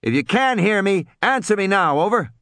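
A man voicing a stern middle-aged lawyer who threatens forcefully over a phone in an audiobook. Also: high voice, expressive, moderate pace, dry recording, clean studio sound, voice pushed up. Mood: urgent.

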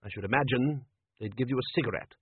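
A cool, calculating ruler played by a man weighs each word slowly and lets dry irony hang in the air. The voice is husky, recorded dry with a narrow, phone-like tone. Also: mid-range voice, dry recording. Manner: measured, ironic, slow and deliberate. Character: cunning, cool male ruler, dry and aloof. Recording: dry, tinny phone-like sound.

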